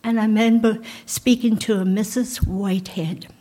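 A middle-aged woman pastor giving a sermon in a church, speaking slowly and softly, sometimes dropping almost to a whisper. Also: mid-range voice, steady tone. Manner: slow, soft, drops into near-whispers on key lines.

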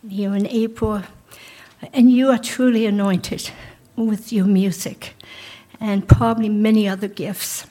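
A middle-aged woman pastor giving a sermon in a church, speaking slowly and softly, sometimes dropping almost to a whisper. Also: medium pitch, steady tone. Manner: slow, soft, drops into near-whispers on key lines.

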